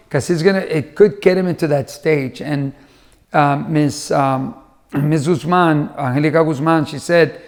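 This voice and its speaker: A man's voice: fairly high pitch, moderate pace, gravelly, darkish tone. A middle-aged man giving a conversational motivational talk, telling family stories and acting out the voices of the people in them. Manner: conversational, acts out quoted voices. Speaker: motivational speaker.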